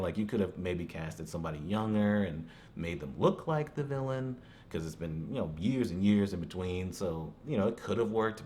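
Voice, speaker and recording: In a very low, slightly mellow voice, a man gives a casual spoken movie review, rambling loosely with "you know" and little chuckles. A faint hiss sits beneath the audio.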